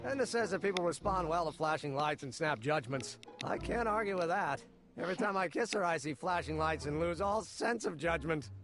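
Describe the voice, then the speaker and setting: An actor playing an excitable, earnest young male scientist in a video game, wordy and given to old-fashioned exclamations. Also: a little high, fairly quick, music in the background.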